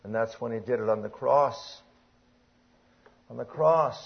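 Husky preaching man, lo-fi recording. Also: mid-range voice, measured pace, pauses often. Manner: preaching with rising emphasis, quoting scripture; clears throat often. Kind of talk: sermon.

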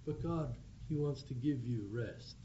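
A man's voice: medium pitch, a little slow, dark tone. A man preaching an evangelistic sermon, with earnest, pleading appeals. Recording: dull lo-fi recording with faint background hum.

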